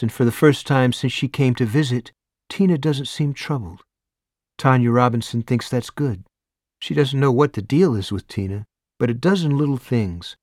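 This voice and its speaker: A man reading a novel aloud in a measured, expressive storytelling voice, close to the mic. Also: mid-range voice, no echo. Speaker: audiobook narrator. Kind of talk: scripted narration.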